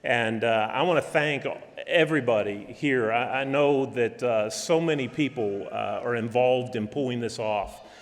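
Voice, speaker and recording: A middle-aged man preaching a sermon in a church, folksy and halting, with many restarts and fillers. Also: medium pitch. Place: church hall. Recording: reverberant church hall.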